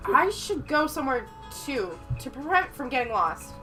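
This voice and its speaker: A woman reads visual novel narration in a plain, steady way. Her voice sits fairly high and moves around a lot, with game music underneath. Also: moderate pace. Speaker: let's play co-host. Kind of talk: reading game narration aloud.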